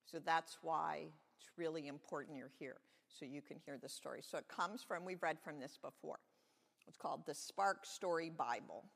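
A woman giving a children's sermon, talking gently and plainly to kids. Her voice sits a little low with a gravelly fry. It echoes through a large church sanctuary. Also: moderate pace. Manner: friendly, explaining simply to children.

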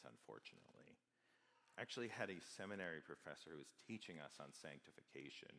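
A man's voice: a bass voice, a bit bright. A man giving a sermon as guest preacher, talking in an earnest, conversational way with fillers and restarts. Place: church sanctuary. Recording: long church reverb.

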